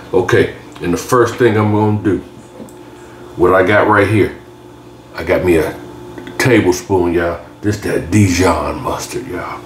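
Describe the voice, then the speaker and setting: Deep guy drawling through a cooking video, y'all every other line, echoey kitchen. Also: unhurried, a little hiss or hum. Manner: laid-back, drawling, keeps saying y'all. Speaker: cooking channel host. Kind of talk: casual cooking tutorial narration. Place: home kitchen.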